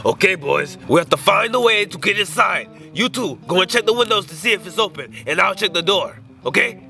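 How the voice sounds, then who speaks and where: A scheming male bird boss barks orders at his crew, as a man voices him. His gravelly voice comes from some distance behind loud guitar music. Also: high voice, animated, brisk, full character voice. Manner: bossy, gives orders. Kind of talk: comedy puppet skit.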